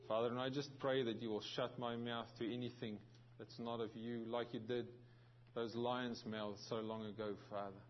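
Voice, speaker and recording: A man's voice: medium pitch, flat delivery, moderate pace. Male preacher at a church service, reverent and prayerful, mid-range voice, muffled lo-fi recording with faint hiss. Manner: prayerful, reverent, repeating "Lord" and "Father". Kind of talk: sermon prayer and scripture reading.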